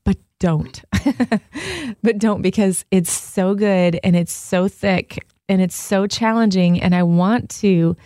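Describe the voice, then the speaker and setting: A woman's voice: mid-range voice, fairly even intonation, takes it slowly, dark tone, no room sound, clean studio sound. Earnest woman in devotional chat. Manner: earnest, heartfelt, many "like" fillers. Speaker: co-host.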